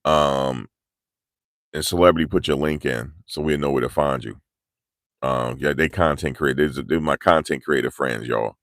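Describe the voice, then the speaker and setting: A man's voice: rumbling low, moderate pace, fairly bright tone, no room sound. A man giving live, slangy street commentary outdoors in cold, rainy weather, pushing his energy up as he talks. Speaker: vlogger.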